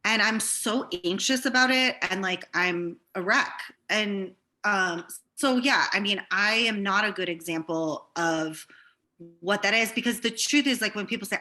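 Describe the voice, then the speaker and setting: A woman business owner speaking as a guest in an interview, candid and reflective, often pausing with fillers. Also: mid-range voice, bright, forceful tone. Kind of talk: conversational interview.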